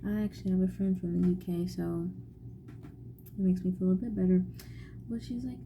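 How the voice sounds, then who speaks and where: A young woman vlogging casually as she paints at home, musing softly and often half-whispering to herself. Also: lowish voice, fairly even intonation, brisk, long pauses, slight background noise, poor audio. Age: young adult. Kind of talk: casual chat while painting.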